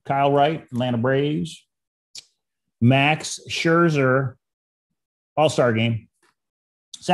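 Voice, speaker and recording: A man hosting a casual card-opening video, reading names aloud and dropping into quiet asides. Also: fairly high pitch. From Detroit area. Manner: reads names flatly, drops into quiet asides. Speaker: channel host.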